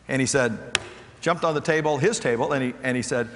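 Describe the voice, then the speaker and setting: A man's voice: medium pitch, brisk, a little hiss or hum. A man giving a motivational keynote talk, telling stories and acting out the voices of the people in them. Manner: animated storyteller acting out quoted voices. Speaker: motivational speaker. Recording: long hall reverb.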